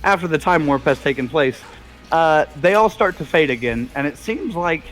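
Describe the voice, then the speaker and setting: Laughing game master, slightly high voice. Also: male voice, normal speed. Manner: animated, laughing often, puts on character voices. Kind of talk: narrating a tabletop game.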